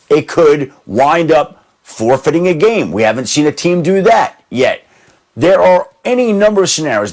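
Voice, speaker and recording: A man talking as a sports analyst, weighing possibilities in a measured way with a few restarts. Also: on the high side. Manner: measured, thinking aloud with restarts. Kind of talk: studio sports talk.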